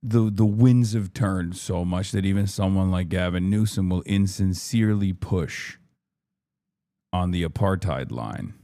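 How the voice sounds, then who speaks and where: A man's voice: sits low, a little slow, warm tone. Profane, exasperated male streamer. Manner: repeats and restarts for emphasis. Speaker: streamer reacting to news. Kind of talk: livestream commentary.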